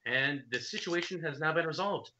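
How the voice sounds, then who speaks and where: A man's voice: fairly high pitch, normal speed, pushed and bright, slight background noise. A young man running a tabletop game as game master, narrating in a loose, hesitant way with many fillers, on dull lo-fi stream audio.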